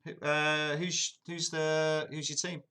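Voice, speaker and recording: A man's voice: a little high, flat delivery, slow pace, sharp tone, clear, resonant tone. Chatty English man streaming a game. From England. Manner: chatty, self-deprecating, talks to chat. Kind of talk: casual live-stream chat.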